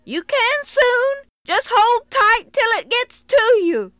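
A woman voicing an anxious rancher father who calls loudly and urgently down a well to his son. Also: extremely high pitch, lively intonation, slow pace, no room sound, studio quality, voice pushed up, exaggerated voice. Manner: urgent, loud calling.

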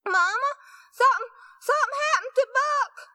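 A high, lively little girl's voice in a storybook tale, put on by a woman narrator. Bright and childish, she teases in one breath and pleads in the next, with a dry close sound. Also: a little slow, dry recording, full character voice. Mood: frightened. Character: remorseful scheming little girl.

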